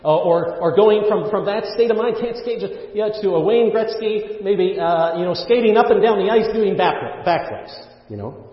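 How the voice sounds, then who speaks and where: A man's voice: high-pitched, moderate pace, few pauses. Canadian man preaching in an echoey hall. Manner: earnest, with many fillers and swings of loudness. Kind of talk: sermon. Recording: echoey hall, dull muffled sound.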